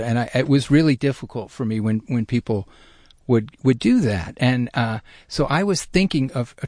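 A middle-aged man telling a personal story in a lively, self-deprecating way, with many restarts. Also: mid-range voice, dry recording, clean studio sound. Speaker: storyteller guest.

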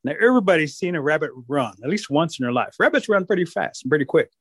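A man's voice: on the high side, lively intonation, fast, husky, no room sound. Male storyteller with a lifted voice. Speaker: Cherokee storyteller. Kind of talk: oral folk storytelling.

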